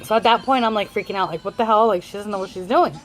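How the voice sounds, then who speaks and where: A woman's voice: medium pitch, racing, a little hiss or hum, poor audio. A young adult woman vlogger rambling through a casual storytime in a chatty way.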